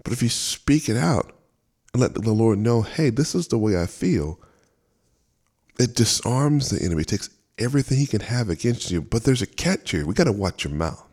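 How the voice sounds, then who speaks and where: A man's voice: medium pitch, animated, fairly quick, darkish tone, slightly rough. A man preaching a sermon as a minister, earnest and fervent, often repeating and restarting phrases. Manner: speaks with fervor and emphasis.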